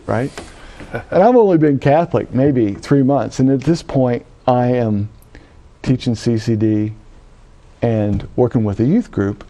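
A middle-aged man from Louisiana, a Catholic priest, giving an animated personal testimony and acting out the voices he quotes. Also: medium pitch, a little slow. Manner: animated storytelling, acts out quoted voices, frequent "right?". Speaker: Catholic priest telling his vocation story.

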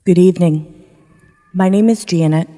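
A woman parishioner reads a personal testimony she has written, measured and sincere in her delivery. Her voice is mellow and soft-edged, carried through a worship space with a long church reverb. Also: fairly low pitch. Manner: measured, sincere, carefully paced reading. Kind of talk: reading a prepared personal testimony.

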